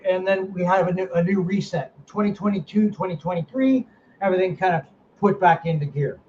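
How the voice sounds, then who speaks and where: A middle-aged man hosting a casual podcast chat, running a paranormal team, ranting with animated energy and swearing freely. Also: high voice, a little fast. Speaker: paranormal team director, host. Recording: slightly dull sound, faint noise.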